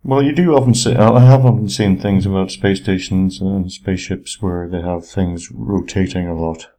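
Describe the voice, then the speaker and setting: A man's voice: sits low, steady tone, moderate pace, dark tone. A man in casual chat, jokey and chatty, often repeating words.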